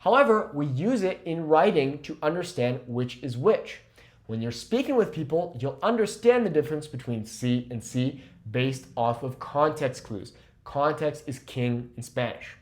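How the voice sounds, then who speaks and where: A man teaching Spanish pronunciation in an energetic, emphatic online lesson, often checking in with "okay?". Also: a little high, moderate pace. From Mexico.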